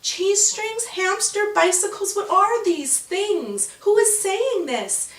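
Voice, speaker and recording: A woman voicing a curious, bewildered young girl in a storybook, asking excited high-pitched questions. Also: takes it slowly, roomy sound, distant mic, exaggerated voice. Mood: alarmed.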